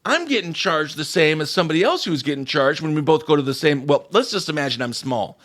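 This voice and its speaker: A man's voice: on the high side, lively intonation, fast talker, a bit bright. A man hosting a casual podcast chat, telling a story in a crude, joking way. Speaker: podcast host.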